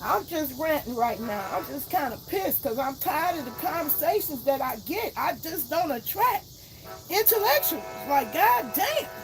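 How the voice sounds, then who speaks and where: Casual livestream host, woman, outspoken ranting, gravelly voice. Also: sits high, big pitch swings, normal speed, poor audio. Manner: ranting, outspoken, swears freely. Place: garden outdoors, then indoors.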